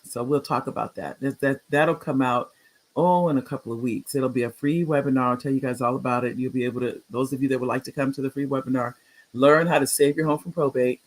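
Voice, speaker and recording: A man in his sixties, a retired teacher, hosting a livestreamed talk show in a chatty, rambling way, greeting viewers by name with excited upswings. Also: medium pitch, quick pace.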